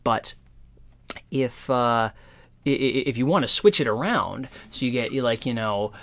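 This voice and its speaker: A man giving a casual guitar lesson, explaining in a relaxed, rambling way with lots of fillers. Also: medium pitch, measured pace. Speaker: guitar teacher. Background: guitar playing.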